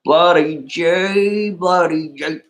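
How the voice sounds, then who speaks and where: A man putting on a teasing, singsong Southern-accented chanting voice, high and drawn out. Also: slow pace, fairly bright tone. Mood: taunting chant.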